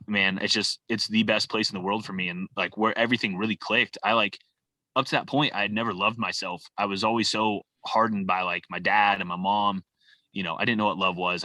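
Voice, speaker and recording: A man from California, a guest on a podcast, talks in a loose, heartfelt way, peppering his sentences with "like" and "man." His voice sits a little low but rings bright and forceful. The sound is dry and close, with no room around it. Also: no room sound. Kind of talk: casual conversation.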